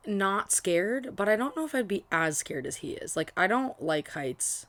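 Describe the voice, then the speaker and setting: In a dry recording, a young woman book vlogger with a medium-pitched, sing-song, slightly bright voice talks at normal speed with few pauses. She rambles casually about her current book, using many fillers and restarts.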